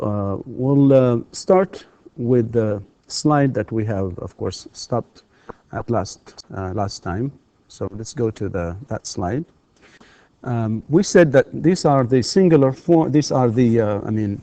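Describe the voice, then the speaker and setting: Hesitant lecturer, a man with a mellow voice. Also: on the low side, no room sound. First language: Arabic. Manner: hesitant, many filler sounds and restarts; models questions with exaggerated rising intonation. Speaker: university lecturer. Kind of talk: recorded university English lesson.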